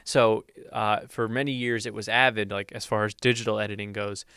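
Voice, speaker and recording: Young man with a bright, crisp podcast voice. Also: lowish voice, dry recording, clean studio sound. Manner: animated, retells scenes with quick impressions. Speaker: podcast co-host. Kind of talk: casual chat.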